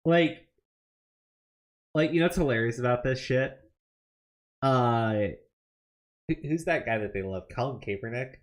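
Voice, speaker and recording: A man's voice: medium pitch, a little slow, long pauses. A man hosting a political commentary show, reacting to clips and news with angry, profanity-laced rants.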